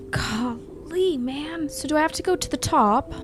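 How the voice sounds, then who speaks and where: Casting: a woman with a slightly high voice and an unhurried delivery, doing chatty, excitable gameplay commentary. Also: soft background music. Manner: chatty, excitable, talks to the game's creatures. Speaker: Minecraft YouTuber.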